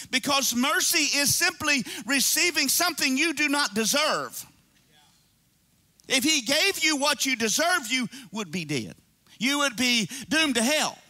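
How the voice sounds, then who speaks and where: A man preaching a sermon, swinging between shouted emphasis and low conversational asides, repeating phrases for emphasis. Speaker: pastor.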